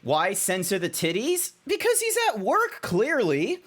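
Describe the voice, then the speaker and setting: A young Australian man talks to his stream viewers in a loose, rambling way. He doubles back and restarts his sentences often. His voice sits a little on the high side for a man. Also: huge pitch swings, a little slow, a bit bright. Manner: rambling, self-correcting, chatty. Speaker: VTuber streamer. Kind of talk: casual stream chat.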